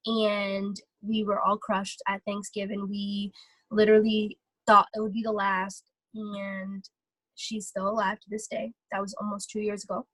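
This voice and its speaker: A young woman talking casually and excitedly on a motivational vlog, full of fillers. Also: mid-range voice, a little slow, slightly rough, no room sound, rough recording. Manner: chatty, filler-heavy, excitable. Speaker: vlogger.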